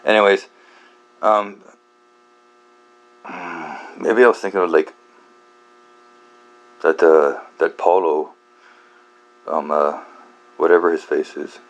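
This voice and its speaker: Very low-voiced man rambling, halting. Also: steady tone, dull audio. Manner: halting, many fillers and restarts, frequent swearing; self-deprecating, laughs at himself. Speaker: book channel host. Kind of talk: rambling casual monologue.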